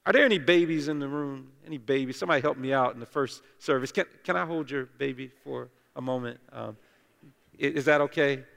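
A gravelly, fairly bright male voice of medium pitch moves a little fast as the lead pastor preaches in a church sanctuary. The sermon is conversational, chatty and full of jokes, addressed straight to the congregation. Long, echoey reverb surrounds it.

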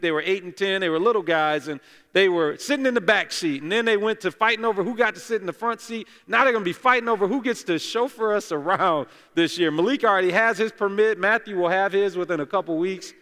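A fairly high-voiced male pastor preaches a chatty sermon, breaking in with jokes and speaking directly to the people in front of him. His voice hangs in the long echo of a church sanctuary. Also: a bit bright, smooth. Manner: chatty and joking, talks directly to the congregation. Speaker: lead pastor. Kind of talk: conversational sermon. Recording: long echoey church reverb.

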